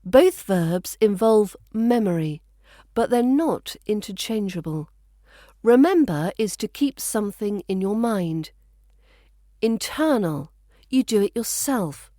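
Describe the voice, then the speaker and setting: A woman with a British RP accent teaching pronunciation, speaking slowly and clearly and repeating each word for practice. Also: mid-range voice, animated, mellow, no room sound, clean studio sound. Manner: slow, carefully enunciated, repeats words for practice. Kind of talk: scripted accent lesson.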